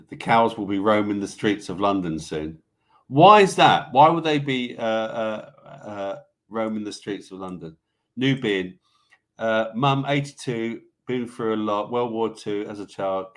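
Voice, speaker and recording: A man with a somewhat low voice hosts a casual live stream. He rambles through viewer comments in an offhand, loose way, with swearing thrown in. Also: unhurried. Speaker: live show host reading viewer comments. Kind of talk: casual livestream chat.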